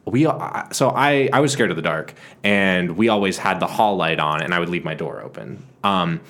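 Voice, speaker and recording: Low-voiced man telling animated stories. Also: moderate pace. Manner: animated, swears often, acts out voices in stories. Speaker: podcast co-host. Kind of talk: casual chat, storytelling.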